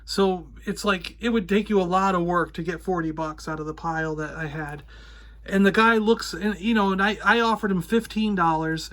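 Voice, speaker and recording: A man with a high, bright voice hosts his own vlog from a room at home. He tells a story casually and with animation, slipping into the voices of the people he quotes, and his talk is full of fillers. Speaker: host. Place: indoors toy room.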